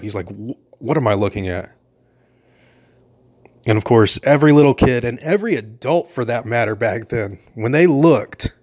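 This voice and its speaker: An excited man talks over a movie in a relaxed, chatty way. He laughs a lot as he goes and gushes about each shot in an easy, mid-pitched voice. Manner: enthusiastic, chatty, laughs often. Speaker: film commentator. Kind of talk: casual film commentary.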